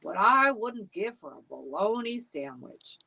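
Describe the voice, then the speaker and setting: Figure: woman playing a jokey, easygoing storybook father. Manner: relaxed, teasing. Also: medium pitch, measured pace, gravelly, voice pushed up, heavily acted, rough recording.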